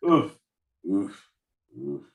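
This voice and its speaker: A man's voice: low-pitched, wildly swooping pitch, very slow, a little mellow. A man co-hosting a podcast live, joking and swearing in casual banter. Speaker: podcast co-host. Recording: echoey room.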